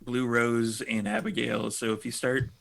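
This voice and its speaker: A man with a gravelly, fry-edged voice runs a tabletop game as game master. He explains the rules and outcomes in a relaxed, joking way, pitched in an ordinary middle range. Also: measured pace.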